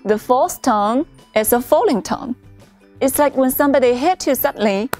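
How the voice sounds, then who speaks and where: A woman's voice: high-pitched, expressive, normal speed, darkish tone. Woman teaching pronunciation over music. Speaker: Chinese teacher. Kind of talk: scripted lesson dialogue.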